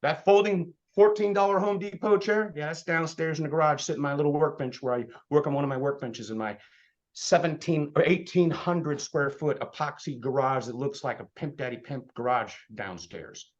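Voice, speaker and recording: A man with a slightly high voice delivers a blunt, preachy motivational talk to his team, pushing hard and then dropping to a hush. The sound is dull and lo-fi. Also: normal speed. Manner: blunt, fired-up, preachy, swings between loud and hushed. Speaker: insurance agency leader speaking to his team.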